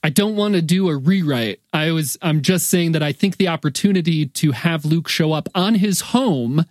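Man with a dry, higher voice. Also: normal speed, darkish tone, dry recording. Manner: rambling, self-correcting, hedging. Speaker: podcast co-host. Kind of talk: casual chat.

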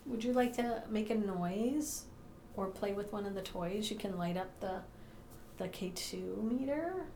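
Creaky-voiced woman coaxing spirits softly. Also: mid-range voice, expressive, measured pace, roomy sound, slight background noise. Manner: gentle, coaxing, sprinkled with ums. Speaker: paranormal investigator. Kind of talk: calling out to spirits in her own house. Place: room inside her own house.

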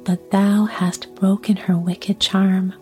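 A woman whispering the lines of a gentle young maiden in old-fashioned speech, as whispered role-play. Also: mid-range voice, flat delivery, slow pace, soft background music, close to an everyday voice. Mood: earnest.

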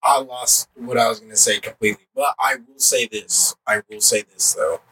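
A man co-hosting a podcast, giving reflective closing thoughts in a relaxed, slangy way. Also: medium pitch, moderate pace. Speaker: podcast co-host. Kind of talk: casual chat. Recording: distant mic, faint background noise.

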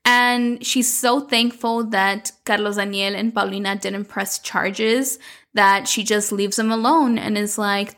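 A woman casually recapping a telenovela episode, quoting the characters in quick asides. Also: medium pitch, steady tone, fairly bright tone. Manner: chatty, quotes characters in quick bits.

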